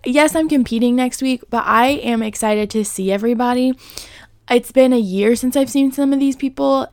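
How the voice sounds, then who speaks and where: A woman's voice: medium pitch, smooth, no room sound, clean studio sound. A woman hosting a casual podcast, chatty and self-deprecating, laughing often and swearing freely. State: hiccups. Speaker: podcast host.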